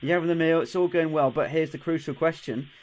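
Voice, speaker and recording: A man's voice: on the high side, steady tone, quick pace. A man hosting a radio show, chatting in an upbeat way with plenty of fillers.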